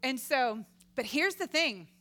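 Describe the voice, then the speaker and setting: Bright-voiced woman, lively storyteller. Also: sits high, measured pace. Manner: lively storytelling, acts out quoted voices, laughs often. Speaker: Christian speaker. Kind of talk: casual teaching talk.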